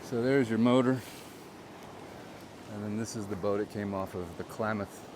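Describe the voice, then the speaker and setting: On a handheld gimbal camera, a vlogger who works in real estate films a walk by the shore, talking at a moderate pace in a lowish, fairly even voice. Background noise is present, and his tone toward viewers is blunt and frustrated.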